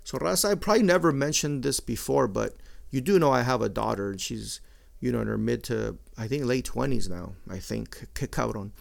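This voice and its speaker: A middle-aged man, his voice gravelly with fry. He talks in a casual, blunt monologue full of swearing and Spanish slang. His pitch sits in an ordinary middle range. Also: expressive, a little fast. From Mexican-American. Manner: profane, blunt, mixing Spanish slang into English.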